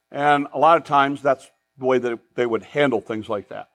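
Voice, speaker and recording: A man's voice: fairly high pitch, animated, normal speed, fairly bright tone. A man preaching a sermon in a conversational way, full of asides and tangents.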